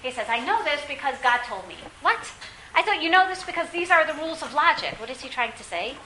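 A woman teaching a classroom Bible lesson, lively and questioning, often quizzing her students. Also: sits high, brisk, reverberant, very noisy.

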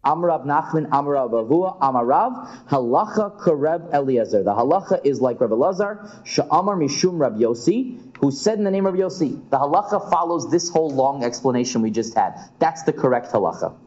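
Animated rabbi teaching a Talmud class. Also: male voice, on the high side, brisk, hardly any pauses. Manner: animated, acts out the sages' questions in sing-song. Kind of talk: lively Talmud class lecture. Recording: muffled lo-fi classroom recording.

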